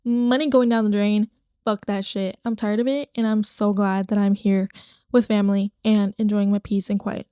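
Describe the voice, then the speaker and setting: A woman's voice: medium pitch, flat delivery, moderate pace, mellow, clear, resonant tone, dry recording, studio quality. A young woman hosting her own podcast, rambling casually and swearing now and then into a microphone at home. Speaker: podcast host. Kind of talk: casual solo podcast chat. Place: home, recording to her computer screen.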